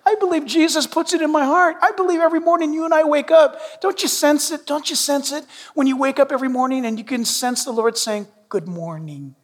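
A middle-aged man preaching a sermon as pastor, animated and humorous, dropping at times to a hush. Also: very high voice, a little fast, few pauses. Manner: animated, humorous, shifts between loud and hushed. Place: church sanctuary. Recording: long reverb in a large hall.

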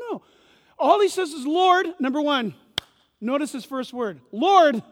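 A man preaching a sermon as pastor, swinging from loud bursts to hushed asides in a church. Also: extremely high pitch, expressive, measured pace. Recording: reverberant church hall.

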